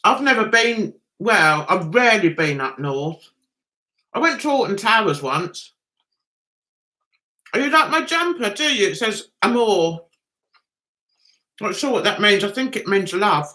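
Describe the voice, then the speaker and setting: A woman's voice: mid-range voice, lively intonation, a little slow, long pauses, sharp tone. An English woman hosting a casual livestream, chatting and answering viewer comments aloud, often laughing. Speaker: livestream host.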